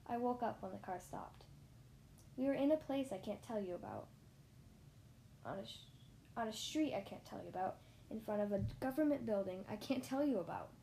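A woman narrating a children's story in the first person, lively, with small slips and restarts. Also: medium pitch, creaky, slight background noise. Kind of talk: reading a children's story aloud.

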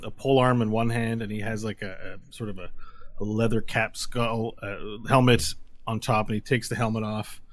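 A man with a fairly low-pitched voice acts as game master for a tabletop game. He narrates haltingly, with lots of filler words.

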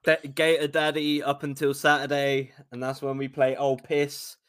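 A man's voice: a little high, monotone, moderate pace, fairly bright tone, smooth. A man from South London with a London accent, a podcast guest joking and confidently talking through the game. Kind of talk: casual sports podcast chat.

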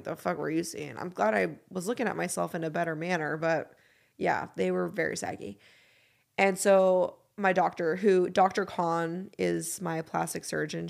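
A woman in her thirties talks on her podcast in a low, gravelly voice with a bit of vocal fry. She is frank and candid and swears casually as she chats. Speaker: podcast host.

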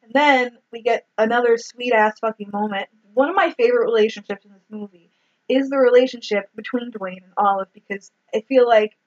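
A podcast co-host with a slightly high, brisk voice recaps a movie in casual conversation. She swears freely and acts out quotes as she retells scenes. The recording sounds dull and lo-fi.

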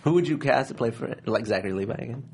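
A man's voice: mid-range voice, lively intonation, rapid-fire, a little mellow, slight background noise. Enthusiastic slangy young man co-hosting. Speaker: podcast co-host. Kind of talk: casual chat.

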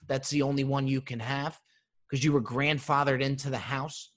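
A man's voice: medium pitch, moderate pace. A man hosting a podcast, telling comic stories from his living room with swearing and mimicry. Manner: animated storytelling with profanity and mimicry. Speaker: podcast host. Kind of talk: comedic monologue. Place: living room with open windows.

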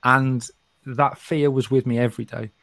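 A middle-aged man from England with a softened West Midlands accent, talking frankly and swearing often as a podcast co-host. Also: medium pitch, steady tone, normal speed, gravelly, no echo. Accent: softened West Midlands English. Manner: frank and sweary, with frequent restarts. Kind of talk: casual podcast chat.

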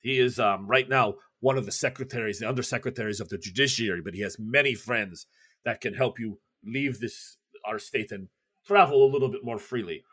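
A man voicing an excitable Russian party host with a put-on Russian accent and grand, raised delivery. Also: medium pitch, brisk, breathy edge. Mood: effusive.

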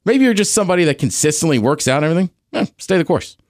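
A man's voice: on the high side, sing-song, racing, darkish tone, dry recording, clean studio sound. A man co-hosting a casual podcast, giving easygoing encouragement and chiming in with short quips. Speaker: podcast co-host. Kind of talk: casual chat.

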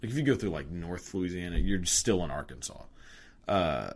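Young adult man, very low voice, profane casual rant, lots of "like" and restarts. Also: lively intonation, moderate pace. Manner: crude, profane, rambling with many fillers.

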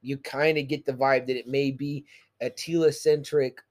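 A man in casual chat recapping a show. He is excited, laughs often and swears freely. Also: mid-range voice, normal speed.

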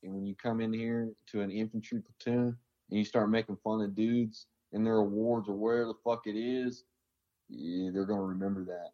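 A man's voice: fairly low pitch, steady tone, normal speed, muffled recording. A man from the American South, an army veteran, telling his stories bluntly in a casual interview, swearing often and rambling with many fillers.

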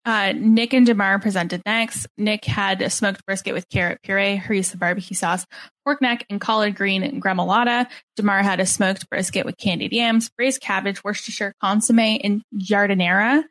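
A woman co-hosting a podcast in casual chat, chatty and playful, quick to joke. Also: medium pitch, steady tone, a bit bright. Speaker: podcast co-host.

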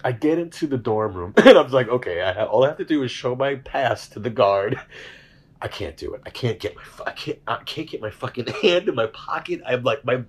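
A man spinning a rowdy anecdote in casual conversation. His pitch swings widely as he laughs and slips into the voices of the people in his story. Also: fairly quick, husky. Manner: animated, laughing, acts out voices in his stories. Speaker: host.

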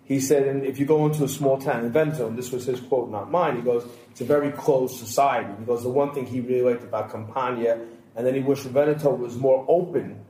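A fast-talking male co-host tells lengthy anecdotes and quotes others during an easygoing podcast roundtable. His mid-range voice is steady and mellow. The recording has roomy echo and faint hiss behind it.

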